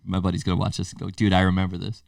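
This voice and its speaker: A man's voice: sits low, monotone, rapid-fire, gravelly, a little mellow, dry recording, clean studio sound, distant mic. A man co-hosting a podcast, telling stories in casual chat and laughing through them. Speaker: podcast co-host.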